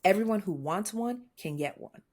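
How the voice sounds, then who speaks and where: A young adult woman co-hosting a podcast, talking in blunt, profane, animated rants in casual chat. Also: medium pitch, moderate pace. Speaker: podcast co-host.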